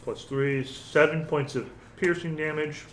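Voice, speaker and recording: A man running a tabletop game as game master, narrating and counting damage aloud in an unhurried way. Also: a little high, fairly even intonation, noisy background. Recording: roomy recording.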